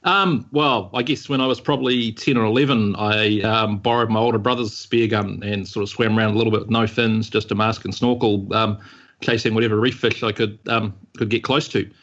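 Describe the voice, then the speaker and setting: A man in his forties with a New Zealand accent, answering interview questions in an easygoing, measured way with some hesitant ums. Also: on the low side, fairly even intonation, fairly bright tone, dull audio. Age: 40s. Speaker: podcast guest.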